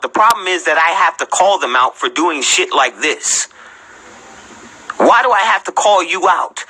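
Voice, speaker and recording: A man rants into his livestream mic, combative and profane, hammering his listeners with rhetorical questions. His voice sits high for a man and sounds husky, with a piercingly bright, cutting edge. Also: low-quality recording. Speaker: livestream host. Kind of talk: ranting livestream commentary.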